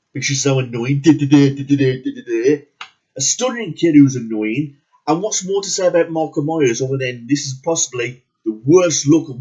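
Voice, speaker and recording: A man's voice: mid-range voice, a little mellow, slightly rough, poor audio. A man ranting angrily about a movie as a reviewer, swearing constantly and repeating words for emphasis. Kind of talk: angry profane movie rant.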